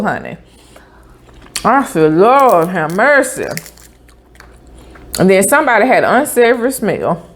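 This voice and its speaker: A woman vlogger, telling a story in a chatty, animated way with asides like "honey" and "baby" while she eats. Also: mid-range voice. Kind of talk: casual storytelling while eating.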